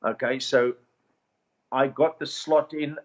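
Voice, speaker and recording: A comedian with a South African accent, appearing as a guest in a casual interview, tells animated stories about his career, putting on voices for the people he quotes. He speaks slowly in a mid-range voice, and the recording is muffled.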